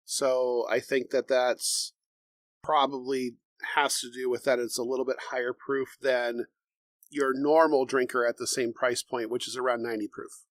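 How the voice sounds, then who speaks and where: In a casual bourbon tasting chat, a man with an ordinary-pitched voice reads out tasting notes and explains things in a measured manner, coming across as an easygoing podcast co-host. His audio is dry and close, free of room echo.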